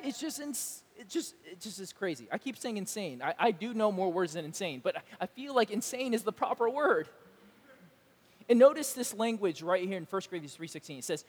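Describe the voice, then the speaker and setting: A man pastor preaching a sermon, animated and emphatic, acting out imagined dialogue. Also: very high voice, long reverb tail.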